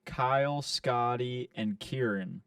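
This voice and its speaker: A man's voice: medium pitch, slow pace, fairly bright tone, clear, resonant tone, dry recording, distant mic. A young man co-hosting a podcast, telling a rambling, profane story in casual chat. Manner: rambling, profane, quotes friends in put-on voices. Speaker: podcast co-host.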